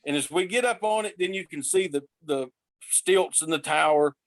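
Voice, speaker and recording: A man's voice: a little high, moderate pace, no room sound. Man with a drawl spinning yarns. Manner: lively, acts out quoted voices. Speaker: podcast guest telling road stories. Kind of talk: casual storytelling.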